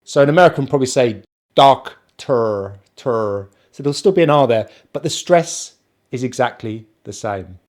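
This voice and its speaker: A man with a British accent teaching English pronunciation, slowly drilling and repeating syllables. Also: medium pitch, lively intonation, darkish tone. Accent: British, non-rhotic. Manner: slow, exaggerated drilling of sounds. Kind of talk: pronunciation lesson.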